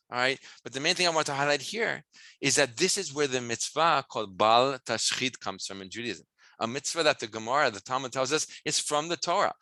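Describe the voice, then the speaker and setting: A man teaching as a rabbi, in a lively way, full of rhetorical questions. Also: medium pitch, no room sound, rough recording. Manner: animated, asks many rhetorical questions.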